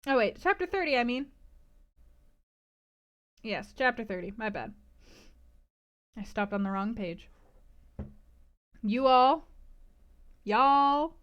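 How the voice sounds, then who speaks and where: A woman's voice: medium pitch, sing-song, measured pace, pauses often, lo-fi sound. A woman streaming, chatting with her viewers and reading a novel aloud in a bubbly, giggly way. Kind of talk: casual stream chat and read-aloud narration.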